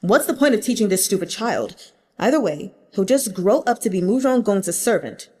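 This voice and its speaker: A woman's voice: medium pitch, lively intonation, normal speed, warm tone, slightly rough, big-room sound. A woman voicing a mocking, contemptuous middle-aged male healer. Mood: scornful. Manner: mocking, dismissive.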